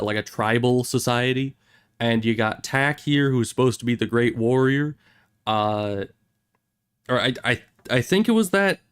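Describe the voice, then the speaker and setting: A man's voice: mid-range voice, smooth. A young man streaming a game, giving rambling, chatty commentary. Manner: rambling, self-correcting, chatty. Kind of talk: casual gameplay commentary.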